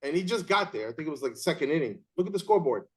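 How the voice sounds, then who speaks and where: A man hosting a casual chat and telling umpiring stories in an animated way, acting out the scenes. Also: on the high side, very fast. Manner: animated storyteller, acts out scenes. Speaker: interview host and umpire.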